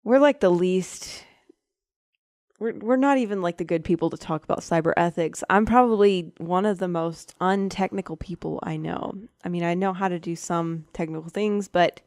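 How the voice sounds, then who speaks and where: A woman's voice: on the low side, moderate pace, a little mellow, dry recording, studio quality. A young woman hosting a student radio talk show, chatting casually, rambling and giggling as she interrupts herself. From Texas. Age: young adult. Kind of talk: casual chat.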